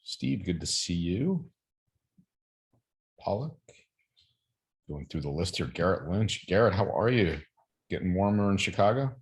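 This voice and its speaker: A low-voiced man with a Long Island New York accent hosts a partner call over video. He talks in a friendly, chatty way, often stopping on ums and uhs. The sound has an echoey, roomy ring. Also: animated, measured pace, long pauses. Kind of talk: casual video call chat.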